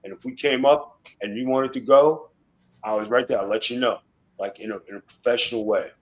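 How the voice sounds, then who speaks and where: A middle-aged man, a guest on a podcast, telling wrestling stories in rough, swearing-heavy casual talk. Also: mid-range voice, fairly even intonation, brisk, low-quality recording. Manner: profane, boastful storytelling.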